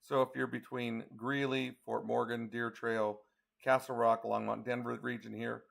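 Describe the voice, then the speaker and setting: A man's voice: mid-range voice, level tone, moderate pace, a bit bright. A tired man from Colorado giving a casual live weather update, walking through forecast maps hour by hour. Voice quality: gravelly. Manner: talks through model maps, counting hours aloud. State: tired, yawning.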